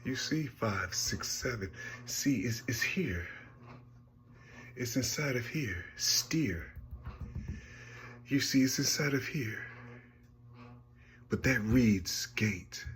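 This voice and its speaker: Slow, halting man, rambling monologue. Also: mid-range voice, animated, slight background noise. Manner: repetitive, searching, keeps asking "you see?"; slow, halting, often trails off softly. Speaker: speaker sharing personal visions.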